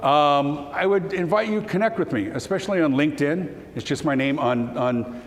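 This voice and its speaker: A man giving a storytelling keynote talk to an audience, animated and at times choked with emotion as he acts out the dialogue. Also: fairly high pitch, normal speed. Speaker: keynote speaker. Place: conference hall. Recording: hall reverb, faint room noise.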